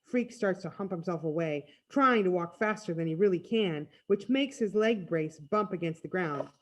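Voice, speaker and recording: A woman reading a storybook aloud in first person, with expressive storytelling. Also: on the low side, moderate pace. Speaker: reader. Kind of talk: read-aloud storybook narration.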